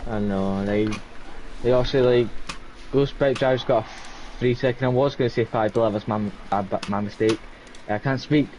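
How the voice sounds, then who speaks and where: A man co-commentating a sim race in a loose, halting way, full of likes and uhs. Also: mid-range voice, darkish tone. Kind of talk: live esports race commentary. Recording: dull lo-fi mic with faint noise.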